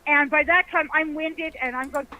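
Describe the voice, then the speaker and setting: A woman's voice: sits high, fairly even intonation, normal speed, pushed and bright, poor audio. A woman caller telling a ghost story vividly, acting out voices and sounds.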